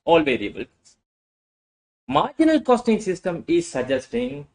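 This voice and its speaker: A man's voice: a little high, rough recording. A male lecturer teaching a class, often asking "what?" and answering himself. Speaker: accounting lecturer.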